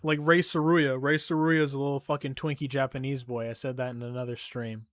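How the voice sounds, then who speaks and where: A man's voice: mid-range voice, little pitch movement, brisk, no echo, clean studio sound. A young man live-streaming a game and chatting casually, swearing constantly, joking and laughing often, and sounding tired. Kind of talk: casual stream chat while gaming.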